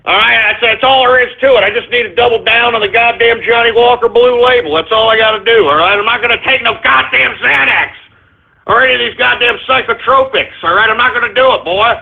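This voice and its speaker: A man's voice: very high-pitched, fairly quick, gravelly, slightly rough. A man hosting a talk radio show, ranting at callers in a profane, exasperated way. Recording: tinny phone-like line.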